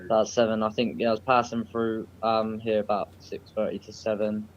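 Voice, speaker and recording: A man's voice: fairly low pitch, completely flat delivery, fairly quick. Male guest, friendly slangy chat, muffled call sound.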